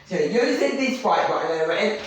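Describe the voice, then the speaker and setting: High-voiced man telling a rambling story. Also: a little fast. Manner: animated, talks about himself in the third person. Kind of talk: rambling storytelling about himself. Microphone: camera filmed by someone else. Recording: very echoey room, mic far off.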